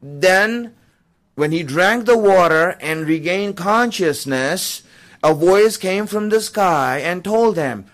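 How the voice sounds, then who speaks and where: A man's voice: high voice, lively intonation, takes it slowly, fairly bright tone. A man preaching a storytelling sermon in a loose, conversational way, full of asides and chuckles. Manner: conversational, fillers, chuckles while telling.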